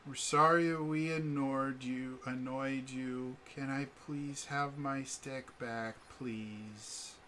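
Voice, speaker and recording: A man's voice: medium pitch, fairly even intonation, slow, few pauses, sharp tone, slight background noise, pitched above the performer's own voice. A man voicing a shy, apologetic young boy. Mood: sheepish. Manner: timid, apologetic. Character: young boy, sheepish and polite.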